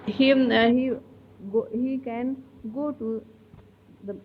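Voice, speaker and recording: A woman explaining a literature lesson, halting with many fillers and restarts. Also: on the high side, steady tone. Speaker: teacher. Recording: dull lo-fi with faint noise.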